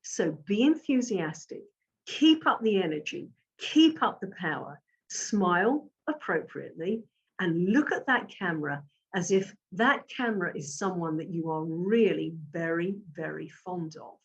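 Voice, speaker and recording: A middle-aged woman giving a communication coaching talk to camera, with an emphatic, measured delivery. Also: lowish voice, lively intonation, dull audio.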